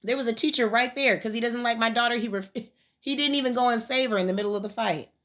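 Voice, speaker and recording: A woman's voice: a little high, fast talker. Heated, emphatic woman ranting. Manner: heated, emphatic, rising to near shouting. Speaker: parent. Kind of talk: impassioned rant to camera.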